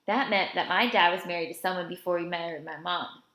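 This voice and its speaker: A woman's voice: on the low side, fairly quick, few pauses, pushed and bright. Woman reading a novel aloud, roomy echo. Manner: first-person storytelling as a boy. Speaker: audiobook reader.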